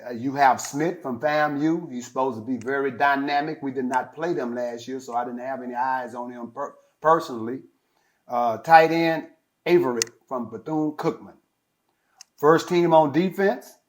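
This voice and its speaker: A man's voice: mid-range voice, moderate pace. A male host of a sports podcast, reading out player lists in a casual, talky way with lots of fillers and opinionated asides.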